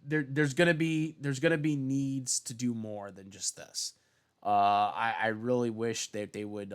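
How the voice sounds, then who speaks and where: A man's voice: medium pitch, clear, resonant tone. A young man giving a casual, profane opinion rant about sports, with many fillers and restarts. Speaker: sports commentator vlogger.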